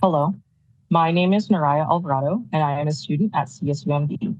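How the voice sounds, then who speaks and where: A woman's voice: deep voice, brisk, a little mellow, muffled recording, a little hiss or hum. A young woman from California, a student, giving a firm and indignant public comment over a call. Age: young adult. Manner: firm, indignant, prepared remarks.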